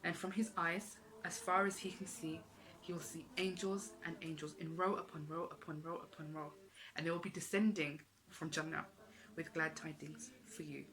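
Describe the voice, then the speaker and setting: A woman's voice: sits low, fairly even intonation, normal speed, fairly bright tone, poor audio. A woman giving an earnest, emotional religious talk, repeating phrases for emphasis. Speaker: Islamic speaker.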